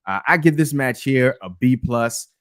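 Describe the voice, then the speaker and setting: A man's voice: medium pitch, dry recording. Chill guy breaking down a match, lots of ums, dead dry mic sound. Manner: relaxed, laughing, halting with fillers. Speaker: podcast co-host. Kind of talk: casual wrestling review chat.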